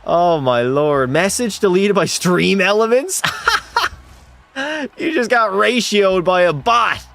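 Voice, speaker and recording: Slow and creaky yet high-pitched, this young Canadian streamer narrates a hockey game in excitable mock sportscaster fashion. Between calls he banters casually with chat and swears every so often.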